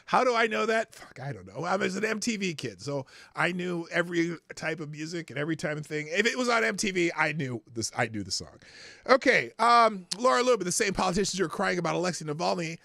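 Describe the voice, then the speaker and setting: A man's voice: high-pitched, very animated, brisk, vocal fry, bright, forceful tone, no echo, studio quality. A man hosting a political commentary livestream, blunt and profane, rambling with restarts and short laughs. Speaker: host.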